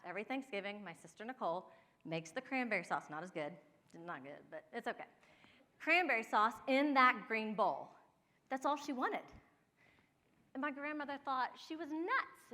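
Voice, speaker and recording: In a roomy, echoing space, a woman in her forties speaks with a sharp tone and fairly high pitch. An Ohio native who advises on downsizing and home organizing, she leads a conversational workshop, telling stories from her own life, laughing often, and talking right to her listeners.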